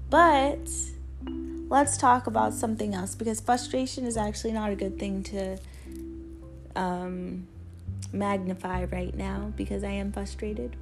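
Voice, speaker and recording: A woman in her early twenties hosting a casual solo podcast from her family home, talking in a rambling, self-deprecating way with lots of fillers. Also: fairly high pitch. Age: 20s. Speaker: podcast host.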